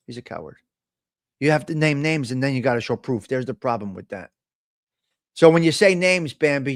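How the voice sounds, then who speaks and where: A man's voice: mid-range voice, no echo, studio quality. Profane New man hosting a live stream. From Italian American. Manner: blunt, profane trash talk. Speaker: host. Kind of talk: casual live-stream chat.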